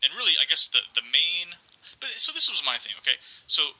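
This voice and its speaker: A man hosting a podcast in casual chat, telling stories with animated delivery, acting out the voices he quotes and laughing often. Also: fairly high pitch, brisk, low-quality recording. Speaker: podcast host.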